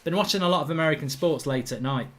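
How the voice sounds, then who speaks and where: A middle-aged man from England, slightly high-pitched, hosts a live football watchalong. He reads out viewer comments and talks bluntly and colloquially, ranting with indignation about bad refereeing decisions. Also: quick pace, fairly bright tone.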